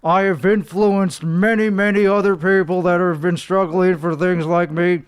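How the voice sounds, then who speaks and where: Brief: a man as a grandiose, rambling podcast host, high and smooth, dry close mic. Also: fairly even intonation, normal speed, dry recording, lightly acted. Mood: pompous. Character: pompous self-important male podcast host. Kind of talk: comedic podcast clip.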